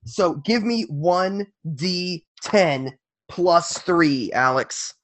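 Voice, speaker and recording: A man's voice: high-pitched, expressive, very slow, fairly bright tone. A man narrating as game master in a tabletop role-playing game, describing the action vividly.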